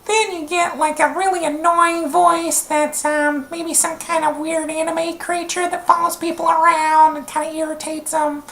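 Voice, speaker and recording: Irritating cartoon-style anime critter, squeaky nasal falsetto, roomy room sound. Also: male voice, flat delivery, moderate pace, vocal fry, few pauses, sharp tone, exaggerated voice. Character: annoying, tagalong little anime creature.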